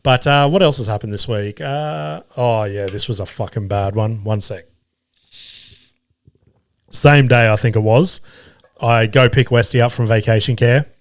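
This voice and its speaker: A man's voice: medium pitch, clean tone, no room sound, studio quality. A man hosting his own podcast, telling home and comedy stories in a casual, sweary way and laughing at himself. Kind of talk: casual solo podcast storytelling.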